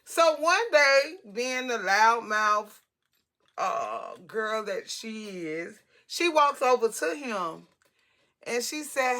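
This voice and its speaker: A woman in her forties telling a casual storytime vlog, animated, talkative and blunt, with salty language. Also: on the high side, takes it slowly.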